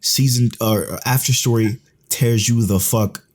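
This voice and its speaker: A man's voice: medium pitch, a little slow, a little mellow. A man co-hosting a podcast, talking in an emphatic, rambling, profane casual chat. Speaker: podcast co-host.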